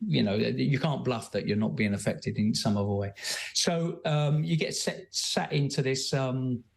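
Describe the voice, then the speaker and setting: Man, 60s, interview guest; rambling, frank, swears freely, mid-pitched voice. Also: normal speed, vocal fry. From London, England. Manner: rambling, many fillers and restarts, blunt and profane. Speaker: guest, former soldier and author. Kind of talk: candid conversational storytelling.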